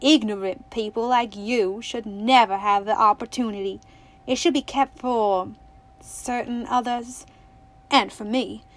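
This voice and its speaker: A woman narrator gives voice to a scheming man in a yellow suit from a storybook. He talks easily, almost friendly, with a slick, persuasive edge. The voice sits a touch high. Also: fairly even intonation, a little slow, close to an everyday voice. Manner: easy, almost friendly, turning shrill and petulant.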